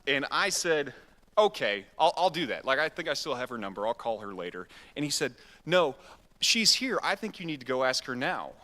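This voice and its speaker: A man's voice: mid-range voice, big pitch swings, normal speed, pushed and bright. A man, preaching in a casual, self-deprecating storytelling way in a church. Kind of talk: storytelling sermon. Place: church sanctuary. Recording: reverberant church hall.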